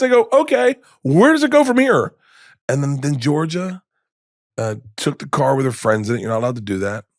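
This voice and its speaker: A man in his fifties, a comedian guest telling stories in a lively, casual way, acting out the voices in them. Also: lowish voice, no room sound, studio quality. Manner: animated, acts out voices in his anecdotes, swears casually. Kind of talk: storytelling in casual conversation. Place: podcast studio.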